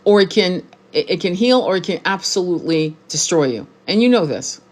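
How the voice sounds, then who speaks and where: Woman, 60s, low-pitched, blunt, profane, emphatic repetition, casual spiritual monologue. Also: expressive, a little fast. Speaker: tarot reader and spiritual teacher.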